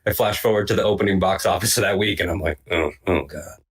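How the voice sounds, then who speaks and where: A man chatting on a live podcast, telling lively anecdotes and acting out his own past reactions. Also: deep voice, racing, breathy edge. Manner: animated storyteller, quotes himself in lively voices. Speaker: podcast panelist. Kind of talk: casual chat.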